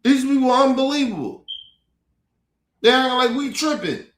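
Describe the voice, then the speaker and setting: A man's voice: extremely high pitch, expressive, moderate pace. Fired-up man, profane rant. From United States. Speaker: streamer. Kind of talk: heated commentary rant. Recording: roomy echo.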